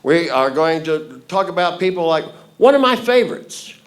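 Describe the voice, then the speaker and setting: Male storyteller, folksy and playful, lively swooping delivery, live theatre. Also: a little high, moderate pace. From Fort Worth, Texas. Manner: folksy, playful, leads audience call-and-response. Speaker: storyteller host. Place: theatre stage before a live audience.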